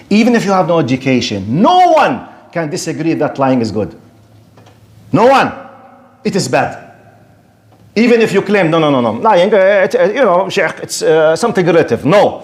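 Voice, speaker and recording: Animated man giving a religious lecture. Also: fairly high pitch. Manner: animated and rhetorical, mimics objectors in quick asides. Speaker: Islamic lecturer. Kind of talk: lecture to an audience.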